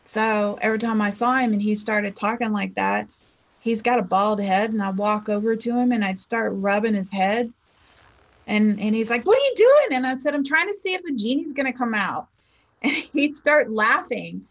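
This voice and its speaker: Chatty higher-voiced woman, life coach. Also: normal speed. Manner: chatty, acts out quoted people in lively voices. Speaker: spiritual teacher and life coach. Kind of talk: casual motivational talk.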